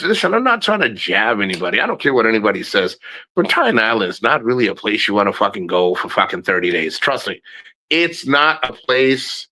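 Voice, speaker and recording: A man's voice: mid-range voice, bright, forceful tone, poor audio. A middle-aged man rambling casually in a travel vlog, blunt and profane, laughing often. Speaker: travel vlogger.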